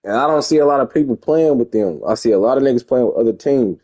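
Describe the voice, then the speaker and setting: A man's voice: mid-range voice, expressive, fast, warm tone. A young man talking casually and profanely over his football video game, rambling and boasting. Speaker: gamer streamer. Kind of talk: casual gameplay commentary.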